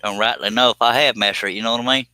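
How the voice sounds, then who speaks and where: A man's voice: on the low side, fairly even intonation, very fast, bright, forceful tone, no room sound. A man with a Southern US accent chatting casually to viewers on a phone live stream, rambling and self-deprecating with frequent chuckles.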